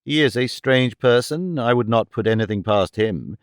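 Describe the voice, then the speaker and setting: A man voicing a mild, calm Anglican clergyman who speaks slowly and with measure. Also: mid-range voice, clear, resonant tone, dry recording, studio quality, lightly acted.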